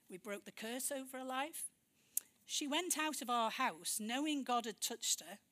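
Woman, preacher, testimony sermon, crisp bright tone, a bit high, animated storyteller. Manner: lively storytelling, acts out dialogue, laughs often.

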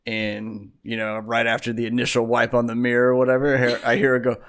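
A podcast co-host rambles through a long story in casual chat, packing it with fillers and asides. His medium-pitched voice stays monotone and moves at a quick clip, sounding a bit bright and clean.

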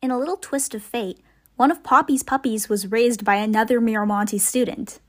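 A woman's voice: on the high side, normal speed. A teenage girl interviewing a classmate, asking brief conversational questions and reading a short narration. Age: late teens. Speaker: student interviewer.

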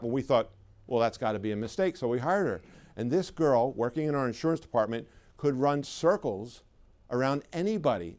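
A man's voice: medium pitch, a little mellow. A middle-aged man giving a live sales training seminar, talking in a conversational, emphatic way and putting questions to the audience. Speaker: sales trainer for clinic owners.

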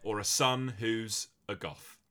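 A young man, co-hosting a casual comedy chat with dry, deadpan quips. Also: fairly low pitch, slow. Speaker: podcast co-host.

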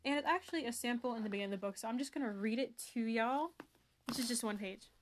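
A woman's voice: fairly high pitch, fast. A young woman hosting a podcast, talking casually about a book in a chatty, rambling way, full of asides and fillers. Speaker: podcast host. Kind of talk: casual book review chat.

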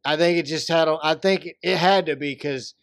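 A man co-hosting a casual podcast, chatting and joking in an animated way. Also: fairly high pitch, normal speed, creaky, no echo, studio quality. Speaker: podcast co-host. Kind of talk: casual chat.

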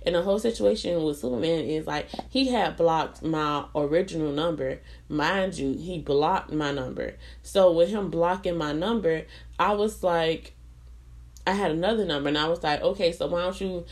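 Woman, low voice, young adult, candid venting, blunt, profane, repetitive. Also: darkish tone. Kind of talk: candid relationship venting monologue.

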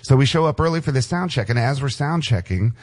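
A middle-aged man telling animated, profanity-laced stories in a casual interview. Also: mid-range voice, fast. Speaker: guest musician. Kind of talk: casual storytelling.

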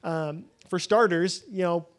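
A man's voice: high voice, measured pace. A young man leading a prayer-room teaching, talking casually with lots of fillers, restarts and self-deprecating asides, into a podium microphone. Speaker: prayer leader.

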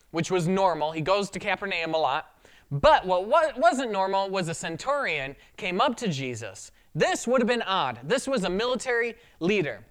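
A pastor preaches in a relaxed, conversational way, acting out the quoted lines as they come up. The pitch is very animated, rising and falling all through the delivery. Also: smooth. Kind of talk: sermon.

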